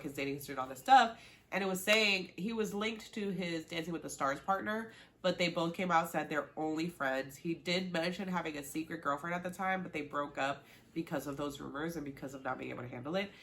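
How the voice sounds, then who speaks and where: A young woman with a slightly low voice gives a casual, gossipy recap. She talks in an animated, friendly way, quoting people and breaking off into asides. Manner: chatty and animated, lots of "like" and quoted reactions. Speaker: reality TV recap host.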